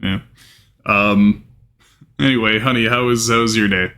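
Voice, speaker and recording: A man's voice: fairly low pitch, fairly even intonation, moderate pace, bright, forceful tone, clean tone. A man in casual chat, tossing in playful jokes and quips.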